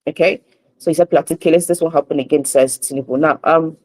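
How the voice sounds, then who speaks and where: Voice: medium pitch, fairly even intonation, fast talker, darkish tone, poor audio. A radio host with a Nigerian accent, reading and discussing newspaper headlines on a morning show with frequent fillers and self-corrections. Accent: Nigerian English.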